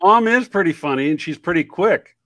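A man's voice: sits high, expressive, fairly quick, bright, forceful tone, no room sound. A man hosting an interview in casual chat, easygoing, with many short backchannels. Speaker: interview host.

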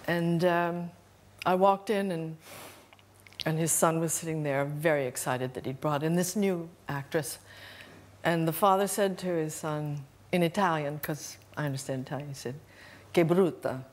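A woman's voice: low voice, moderate pace. A woman, a guest actress, talking thoughtfully and self-deprecatingly on a chat show. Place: TV studio.

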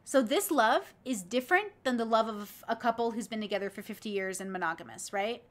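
Woman streamer, bit higher voice, gushing and cursing freely in loose casual chat. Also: a little fast. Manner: excitable, profane, rambling. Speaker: streamer reacting to video clips.

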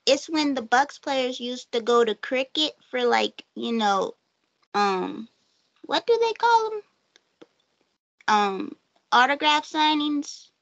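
A woman hosting a casual podcast chat, playful and quick to laugh. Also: sits high, animated, fairly bright tone, dry recording, muffled recording.

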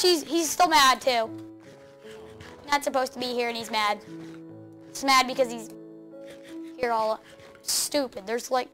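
A woman hosting a video game let's play, excitable, chattering to the game animals and laughing often. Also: a little high, a little slow, long pauses, faint music behind. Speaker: gaming channel host.

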